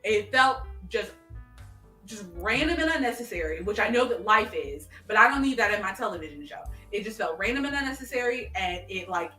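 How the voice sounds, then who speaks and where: A woman hosting a casual chat show, telling a long story in an animated way with many fillers and restarts. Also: mid-range voice, brisk. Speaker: podcast host. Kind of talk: casual chat, recapping a TV episode. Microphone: video call stream. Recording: echoey room, distant mic, faint music.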